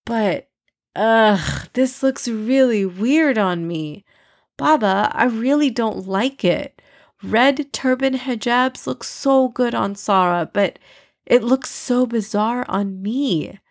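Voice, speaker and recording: A woman's voice: on the high side, takes it slowly, pitched above the performer's own voice. A woman voicing a sensitive, easily upset young girl in a storybook reading, with a whiny, pleading manner.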